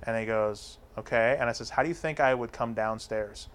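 In a relaxed chat, a man tells a crude story, swearing freely and slipping into quick voiced impressions of the people involved. His pitch sits in an ordinary middle range.

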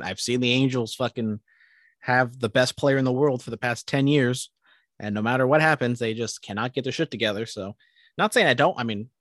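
A young man talks sports on a podcast, rambling, restarting his sentences and swearing now and then. His voice sits at a middle pitch. It sounds dry and close to the mic. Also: no room sound. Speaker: podcast co-host. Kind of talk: casual chat.

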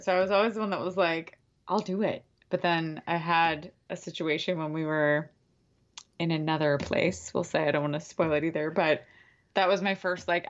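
A woman's voice: deep voice, lo-fi sound. A woman chatting casually in an interview, laughing and acting out what she thought in the moment. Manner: chatty, laughing, acts out her own thoughts. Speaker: podcast co-host and TV show cast member.

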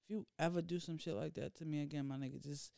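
An animated young podcast co-host tells a story in casual chat, acting out quotes with big pitch jumps. His voice is fast and gravelly, recorded clean in the studio with no room sound.

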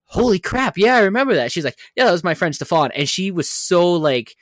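A man with a somewhat high voice chatting on a podcast, laughing easily and adding short remarks. The sound is dry and close to the mic. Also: very animated, a little fast, a bit bright, no room sound. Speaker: podcast co-host. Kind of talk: casual storytelling chat.

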